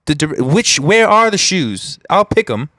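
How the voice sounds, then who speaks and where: A man's voice: fairly high pitch, big pitch swings, bright, forceful tone, dry recording, studio quality, pitched above the performer's own voice, heavily acted. A man voicing a young British exchange student shopping for shoes, with a put-on British accent that drifts toward Australian. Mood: pushy. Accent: put-on British slipping into Australian. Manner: brisk, impatient.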